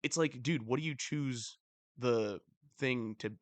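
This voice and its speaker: A man's voice: mid-range voice, a little slow, no echo. A young man co-hosting a podcast in casual chat, rambling and laughing often. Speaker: podcast co-host.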